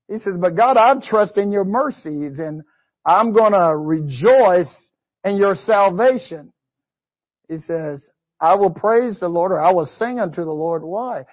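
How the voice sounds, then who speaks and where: High-voiced husky male preacher. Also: animated, a little slow. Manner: call-and-response asides, frequent "amen" and "you know"; reads scripture aloud in a preaching cadence. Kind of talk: sermon. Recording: dull lo-fi recording.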